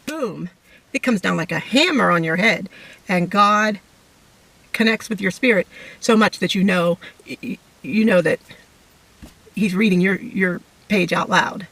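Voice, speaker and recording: A middle-aged woman giving an emotional personal testimony to camera, halting and fighting back tears. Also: mid-range voice, a bit bright, distant mic, poor audio. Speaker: vlogger sharing a testimony.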